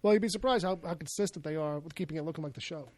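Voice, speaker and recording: A man's voice: on the high side, very fast. A man co-hosting a podcast in a loose, joking chat, acting out what other people said. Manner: animated, jokey, acts out quoted people. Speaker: podcast co-host. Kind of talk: casual chat.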